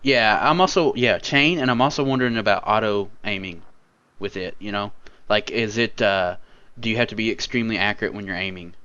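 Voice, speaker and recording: A man hosting a gaming podcast, relaxed with wry quips. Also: fairly low pitch, fairly quick, smooth, dry recording. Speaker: podcast host. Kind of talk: casual gaming podcast chat. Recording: dull lo-fi mic.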